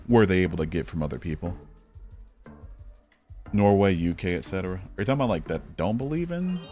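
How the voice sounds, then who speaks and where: This host of a casual live stream, a man from Michigan, United States, has a low-pitched voice with a darkish tone. While playing a geography game he chats bluntly, swears, and reasons aloud using plenty of fillers.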